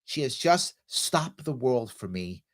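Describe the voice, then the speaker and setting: A man's voice: medium pitch, very animated, slow. A middle-aged man hosting a talk show, giving an emphatic motivational monologue and acting out quoted voices.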